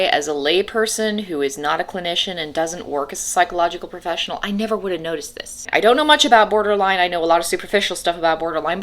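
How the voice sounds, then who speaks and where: A woman vlogging casually to camera, rambling with many restarts and acting out her own frustrations. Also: on the low side. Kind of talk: casual talking-to-camera vlog.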